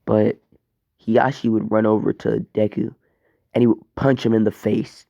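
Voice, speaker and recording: A man's voice: lowish voice, flat delivery, moderate pace, creaky, mellow, no echo, lo-fi sound. A young man improvising a fan-fiction story in a casual, profane, rambling way.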